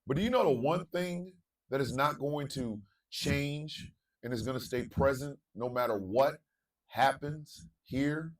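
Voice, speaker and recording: A male morning show host, delivering an impassioned monologue, repeating phrases and swinging from low murmurs to shouting. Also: unhurried, far from the mic.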